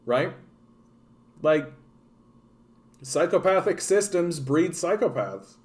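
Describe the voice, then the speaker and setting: A man's voice: mid-range voice, animated, normal speed. A Canadian man with a Canadian accent, hosting a podcast with rambling, profane, sarcastic political commentary. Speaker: podcast host.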